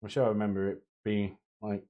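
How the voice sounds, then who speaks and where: A man's voice: on the low side, flat delivery, fairly quick, narrow, tinny audio. A man streaming live, chatting casually with viewers in a rambling, profane way, often laughing to himself.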